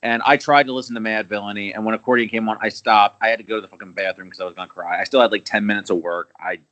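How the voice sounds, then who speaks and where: Casual male podcast host, slightly low voice, rambling and profane delivery. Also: fairly even intonation, very fast, fairly bright tone, muffled recording. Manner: rambling, swearing, restarting thoughts.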